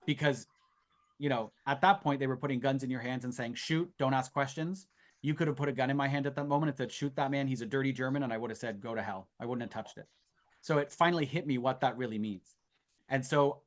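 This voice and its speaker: A man in his thirties presenting an online info session in a chatty, storytelling way with asides, heard over a video call. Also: mid-range voice. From Canada. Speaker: youth exchange presenter.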